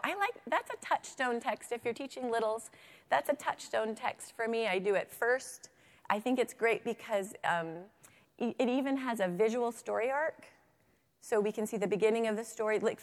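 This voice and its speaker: A woman giving a lively workshop to teachers, reading picture books aloud and checking in often with her audience. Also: mid-range voice, big-room sound. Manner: animated, chatty, checks in with "right?". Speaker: literacy workshop presenter for teachers.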